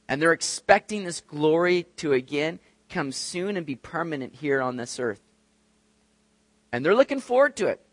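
A man preaching a sermon, reading scripture and explaining it, acting out little scenes in lively raised voices. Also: sits high, no room sound. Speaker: pastor. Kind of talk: expository sermon.

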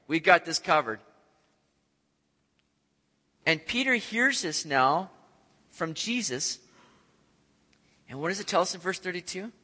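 A man preaching a sermon, animated, acting out scenes and swinging from loud to soft. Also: high-pitched, unhurried, pauses often, slightly rough. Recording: echoey hall.

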